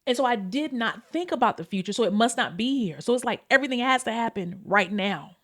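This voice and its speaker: A woman hosting her own podcast, talking casually and candidly to her listeners, swearing freely and calling them y'all. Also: a little fast. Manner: animated, pitch and pace swing widely. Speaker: podcast host. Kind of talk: casual confessional talk.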